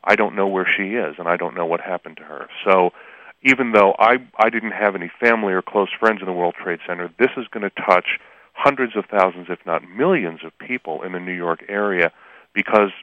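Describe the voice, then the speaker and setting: A man with a very low voice speaks in a halting, earnest way, often restarting his sentences. He is a law professor calling in to a broadcast interview. The sound is thin and phone-like, with no room echo. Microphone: telephone. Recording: tinny, dry phone line.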